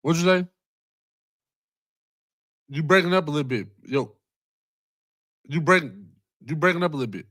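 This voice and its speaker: Rambling livestream host, slangy and profane, slightly high, dry. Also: male voice, moderate pace, pauses often, fairly bright tone, dry recording. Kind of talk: casual livestream talk.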